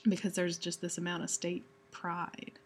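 A woman's voice: on the low side, monotone, moderate pace, slight background noise. A woman from Texas with a Texan accent, chatting casually as she answers a question challenge, rambling with many fillers and restarts. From Texas, USA. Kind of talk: casual chat.

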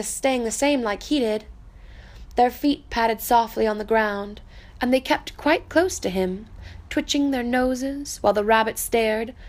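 A woman reading a children's storybook aloud in a gentle, soft, unhurried way. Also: fairly high pitch, vocal fry.

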